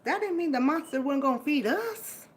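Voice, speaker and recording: A woman's voice: sits high, animated, normal speed. A woman vlogger giving an emotional, motivational monologue, laughing often and swearing as she hypes up her listeners.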